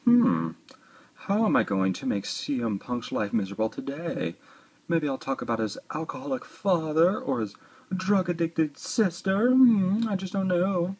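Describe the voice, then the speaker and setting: A man putting on the voice of a smug, scheming male wrestler, speaking in a sly, drawn-out put-on accent. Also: on the high side, animated, darkish tone, breathy edge, pitched above the performer's own voice.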